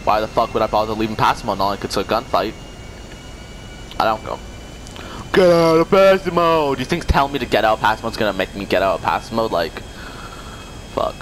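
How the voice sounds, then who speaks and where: A man's voice: lowish voice, fast talker, long pauses, fairly bright tone, a little hiss or hum. A young man trash-talking other players in online game voice chat, sarcastic, mocking and swearing. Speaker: gamer.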